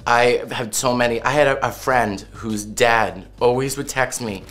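A man's voice: mid-range voice, a little slow, a bit bright, soft background music. A man giving casual comedic commentary to camera, telling anecdotes that build to punchlines. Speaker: cast member.

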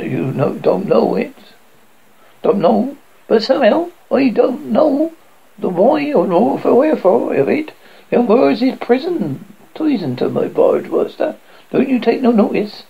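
A man voicing a rough-spoken, motherly woman from a canal barge, chatting in ungrammatical dialect. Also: very high-pitched, sing-song, unhurried, dull audio, voice pushed up, exaggerated voice. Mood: chatty.

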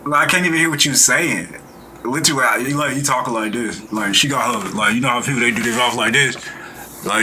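A man's voice: medium pitch, brisk, sharp tone, slight background noise. A man hosting a reaction video, talking in a casual, mocking way and laughing often.

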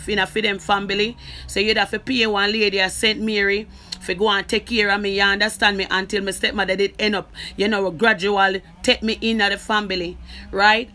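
A Jamaican woman talking straight to camera, emphatic and forceful, who keeps asking "you understand me?". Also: medium pitch. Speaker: social media creator. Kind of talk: direct-to-camera personal talk.

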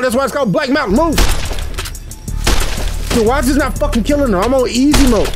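A young man casually commentating as he plays a game, profane and excitable, talking to his viewers and yelping when he panics. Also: extremely high pitch, fairly quick. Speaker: gaming YouTuber. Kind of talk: casual let's play commentary. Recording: loud game music behind voice. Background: game music and sound effects.

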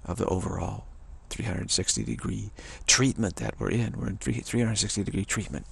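Brief: low-pitched man, very gravelly and raspy, loose rambling spiritual teacher, folksy with chuckles. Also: animated, brisk. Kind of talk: extemporaneous spiritual talk.

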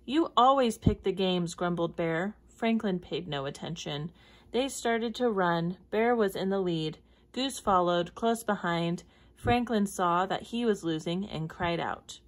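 A woman reading a children's picture book aloud in a clear, measured storytelling voice. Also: fairly low pitch. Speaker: storybook reader.

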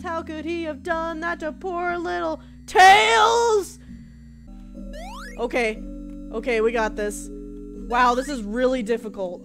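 A woman commenting as she plays a horror game, joking along and shrieking at the scares. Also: high voice. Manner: jumpy, shrieks at scares, jokey banter. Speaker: video game player.

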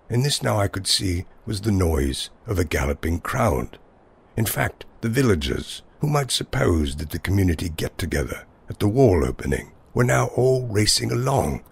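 Deep gravelly man narrating wry tales. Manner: wry, whimsical, wordy storytelling. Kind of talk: scripted first-person story narration.

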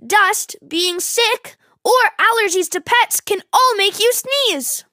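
A woman narrating a children's educational program in a clear, teacherly way. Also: very high voice, takes it slowly, bright, forceful tone, no echo. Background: faint music.

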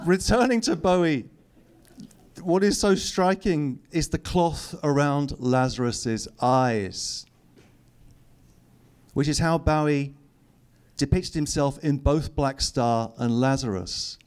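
A man's voice: fairly high pitch, takes it slowly, darkish tone, clear, resonant tone. A middle-aged man, reading his own book aloud to an audience and adding dry, teasing asides. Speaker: author giving a public reading. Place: lecture hall.

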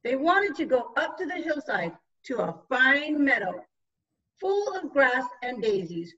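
A woman narrating a children's storybook, reading slowly and expressively. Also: high voice, big pitch swings, fairly bright tone, recorded from a distance, highs cut off. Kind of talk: storybook read-aloud.

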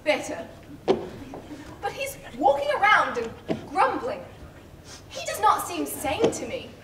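An anxious young man in love frets and scolds, played by a woman on stage. The voice is high and swings widely in pitch. It is heard from far off in a roomy hall with a faint hiss. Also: very animated, takes it slowly, exaggerated voice. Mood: exasperated. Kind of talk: stage play performance. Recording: echoey hall, mic far off, faint noise.

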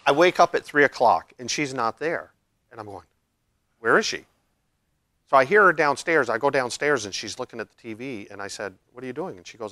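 A man's voice: mid-range voice, expressive, fairly quick, pushed and bright, no echo. A man from New Hampshire, a state representative guest on a talk show, telling a story in a dry, folksy way.

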